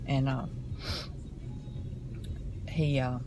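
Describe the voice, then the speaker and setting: A woman's voice: rumbling low, flat delivery, noisy background. Woman vlogging from her car. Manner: earnest, rambling, halting storytelling. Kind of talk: casual talk to camera.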